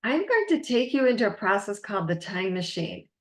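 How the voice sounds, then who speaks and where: A woman's voice: medium pitch, very animated, fairly quick, echoey room. A woman life coach leading a masterclass, earnest and encouraging as she guides the listener through exercises.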